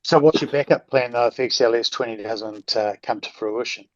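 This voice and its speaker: A man's voice: medium pitch, fairly quick, dry recording. Blunt New Zealand man on a call. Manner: blunt, teasing. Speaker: caller on an online call. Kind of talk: casual, joking interjections. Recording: dull online call audio, dry.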